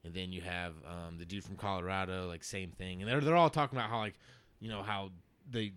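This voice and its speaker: A man's voice: deep voice, a little fast, fairly bright tone, clear, resonant tone, no echo. A man co-hosting a podcast, chatting casually and rambling with many fillers. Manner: rambling, lots of "like" fillers, laughing often. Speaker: podcast co-host. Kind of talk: casual joking chat.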